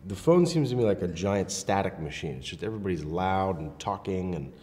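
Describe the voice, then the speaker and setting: Deep-voiced laid-back man. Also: lively intonation, brisk, dark tone, big-room sound. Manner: laid-back, candid, swears casually. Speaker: actor guest. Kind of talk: casual interview chat.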